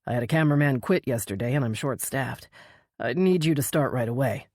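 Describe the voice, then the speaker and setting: A woman voicing a grieving but brisk male TV news boss, speaking in a clipped, earnest way. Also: medium pitch, darkish tone, no echo, studio quality, natural voice.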